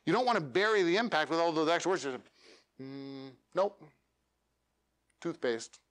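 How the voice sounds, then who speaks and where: Animated man coaching a workshop room. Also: on the high side. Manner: animated, uses dramatic pauses and demonstrates lines. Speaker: speaker coaching elevator pitches. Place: meetup room.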